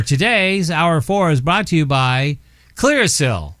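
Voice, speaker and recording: Lively, playful male radio host. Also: fairly high pitch, measured pace, dry recording. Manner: playful, hammy showman patter. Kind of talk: casual radio banter.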